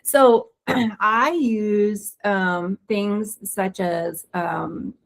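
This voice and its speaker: A pelvic floor physical therapist co-hosts a webinar, explaining recovery in a quick, excited, casual way. She has a mid-range voice with vocal fry and talks fast and eagerly, restarting her sentences often.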